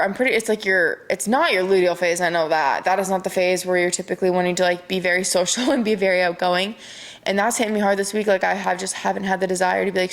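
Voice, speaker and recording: A young woman speaking at a middling pitch hosts a solo podcast in a loose, diary-like chat. She rambles openly, confiding in her listeners, with frequent "like" and "um" fillers. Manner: rambling, open and confiding, heavy use of "like". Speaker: podcast host.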